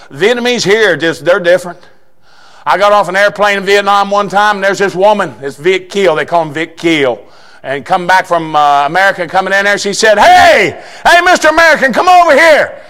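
Man, pastor, sermon, folksy storytelling, shouting bursts, high-pitched. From southeastern Indiana.

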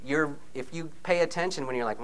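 A man preaching a conversational sermon, animated, often checking in with his listeners by asking "okay?". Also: on the high side, a little fast. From United States.

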